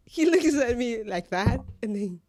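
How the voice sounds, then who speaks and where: Giggly high-voiced woman telling a story. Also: darkish tone, no room sound. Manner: giggly, laughs often while telling a story; switches into Spanish phrases. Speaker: podcast co-host. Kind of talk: casual storytelling chat.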